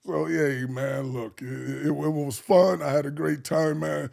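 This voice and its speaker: A man's voice: a little high, a little slow, gravelly. A middle-aged man, an actor, telling casual stories and acting out the voices of the people in them. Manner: animated, acts out voices in his stories. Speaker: actor guest. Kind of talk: casual storytelling.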